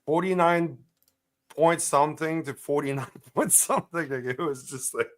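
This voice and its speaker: A man co-hosting a casual live-stream chat, relaxed, chuckling as he talks. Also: a little high, normal speed.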